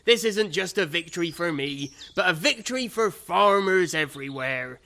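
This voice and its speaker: A man playing a stubborn, gruff male farmer with a West Country accent. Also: high-pitched, animated, moderate pace, bright, forceful tone, full character voice. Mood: proud. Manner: gruff, proud, drawling.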